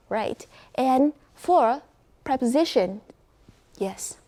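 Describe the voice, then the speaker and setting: A woman with a Vietnamese accent teaching an English class, speaking slowly and clearly, praising and prompting students. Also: high-pitched, mellow.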